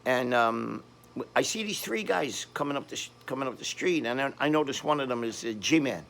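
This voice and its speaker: An older man with a Brooklyn accent telling a rambling street story in a casual, animated way, often restarting his sentences. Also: medium pitch, a little fast, gravelly, a little hiss or hum. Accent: Brooklyn New York. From Brooklyn, New York.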